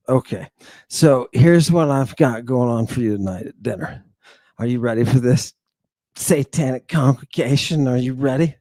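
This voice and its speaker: A man's voice: on the high side, a little mellow, no echo. A man giving a theatrical lecture to his audience, exclamatory and mocking, with sudden outbursts and asides, and he keeps quizzing his listeners.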